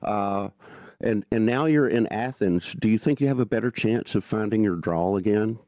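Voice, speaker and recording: A man's voice: lowish voice, normal speed, a little mellow, dry recording, clean studio sound. A man in his sixties from North Georgia with a Southern accent, hosting a podcast interview in a folksy, playful way. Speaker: podcast host. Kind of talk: conversational interview.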